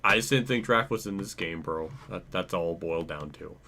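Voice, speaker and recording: Young male gaming host, casual rant over gameplay, exasperated and swearing, sharp forceful tone. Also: sits low, brisk, a little hiss or hum. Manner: exasperated, ranting, swears, laughs it off.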